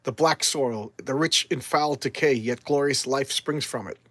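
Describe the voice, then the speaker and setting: A man's voice: mid-range voice, measured pace, fairly bright tone, no echo. A man voicing a sorrowful male swamp plant creature, reading in a subdued, grave way.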